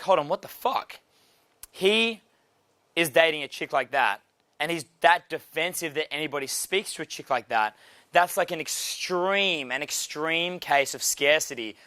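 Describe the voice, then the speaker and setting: Brash Australian man with a bright voice. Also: a little high, dry recording. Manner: brash, swearing, animated storytelling. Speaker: dating coach. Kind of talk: casual instructional talk.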